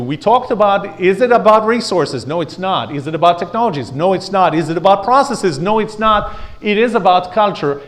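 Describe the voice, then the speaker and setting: A man whose voice is on the high side lectures a live audience about leadership, bluntly and animatedly. Along the way he asks rhetorical questions and has people say phrases back to him.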